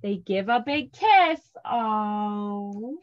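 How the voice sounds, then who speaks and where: A woman in her thirties, a teacher leading children's story time, singing simple songs and reading a picture book aloud in a gentle, expressive way. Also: mid-range voice, drawn-out words, a little hiss or hum. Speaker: preschool teacher. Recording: dull lo-fi sound.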